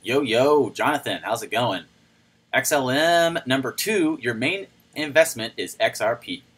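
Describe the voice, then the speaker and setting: A man's voice: medium pitch, lively intonation, unhurried, fairly bright tone, husky, rough recording. A man hosting a casual livestream, chatting loosely and greeting viewers by name as he reads their comments. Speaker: crypto livestream host.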